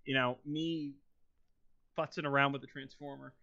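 A man's voice: mid-range voice, little pitch movement, moderate pace, sharp tone. A man co-hosting a podcast, chatting in a wry, meandering way. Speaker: podcast co-host. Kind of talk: casual chat. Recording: dull lo-fi mic.

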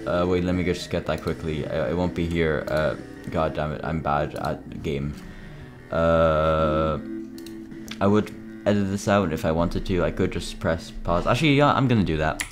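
A young man casually commenting while playing a game, mumbling and halting, with many fillers. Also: low voice. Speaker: gaming video creator. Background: game music.

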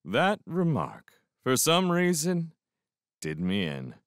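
A man reading a novel aloud as an expressive first-person fan audiobook narrator. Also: mid-range voice, slow pace, no room sound, studio quality. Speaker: audiobook reader.

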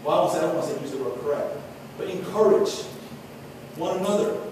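A pastor delivers an earnest sermon, his voice sitting high for a man. He sounds set back from the microphone in a large, echoing hall. When he quotes scripture, he eases into softer tones. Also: fast talker, slight background noise. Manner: earnest preaching, drops to soft tones for quotes. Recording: echoey hall from far off.

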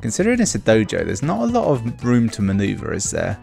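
Dry, gravelly man playing a game. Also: lowish voice, wildly swooping pitch, fast talker, warm tone, soft background music. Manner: dry, sarcastic asides. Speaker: let's play commentator. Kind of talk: casual gameplay commentary.

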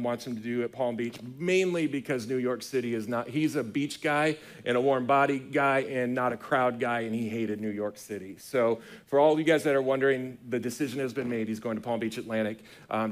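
A middle-aged man preaching a sermon as pastor, talking in a conversational, animated storytelling way with frequent restarts. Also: medium pitch. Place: church sanctuary.

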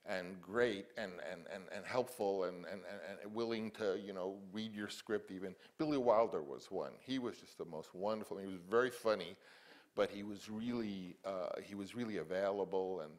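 An older man, a film director, answering interview questions and reminiscing in halting speech full of restarts and repeated words. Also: low voice.

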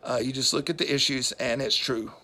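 A man's voice: mid-range voice, steady tone, brisk, bright, forceful tone. A man giving a rambling, opinionated political monologue to camera, preachy in tone and often losing his thread with fillers. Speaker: political vlogger.

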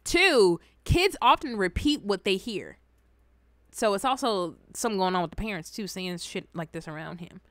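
A young woman tells funny childhood stories in a loose, chatty vlog manner, swearing freely and laughing as she goes. Her voice sits mid-pitch and sounds dry and close. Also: expressive, normal speed, a bit bright, no room sound. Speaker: vlogger reacting to comments. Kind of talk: casual storytelling chat.

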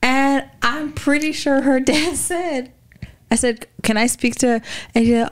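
A woman's voice: a little high, animated, normal speed. A young adult woman co-hosting a podcast, telling stories in casual chat and laughing often. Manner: chatty storyteller, laughs often. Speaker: podcast co-host.

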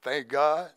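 A man giving an informal, conversational sermon as preacher, dropping in praise asides and trailing off softly. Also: a little high. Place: church in Alaska.

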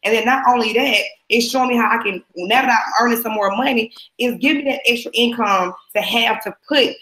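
Excited bright woman on an echoey line. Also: a little high, a little fast. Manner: excited, upbeat. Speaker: panelist. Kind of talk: conference call testimony.

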